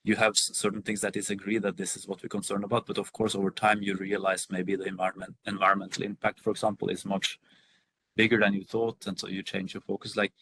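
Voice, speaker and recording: A man's voice: low-pitched, monotone, fast talker, gravelly, a bit bright, a little hiss or hum, rough recording. A man on a video call answering a workshop question, hesitant with many fillers and restarts. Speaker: workshop panelist.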